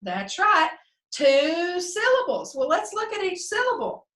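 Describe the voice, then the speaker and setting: A woman teaching a second grade phonics lesson to children, slow and sing-song, stretching out the sounds. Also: very high voice, sing-song, fairly bright tone. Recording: echoey room, a bit distant.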